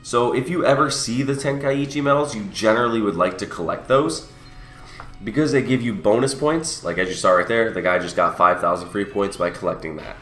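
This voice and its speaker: In a roomy recording with slight background noise, a sniffly young man with a cold talks briskly in a lowish, fairly bright voice. As a gaming channel host feeling a bit under the weather, he gives casual walkthrough commentary on a mobile game, explaining and correcting himself.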